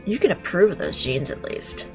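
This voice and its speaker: A woman reading a visual novel aloud, reacting with animated exclamations and the odd swear word. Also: on the low side, moderate pace, music in the background. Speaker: game streamer.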